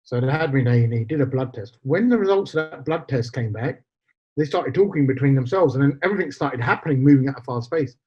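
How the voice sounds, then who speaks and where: A podcast guest in his forties, medium-pitched with a darkish, breathy tone, tells a personal story quickly and animatedly. He voices the quoted dialogue and adds Punjabi phrases, all in slightly dull lo-fi podcast audio.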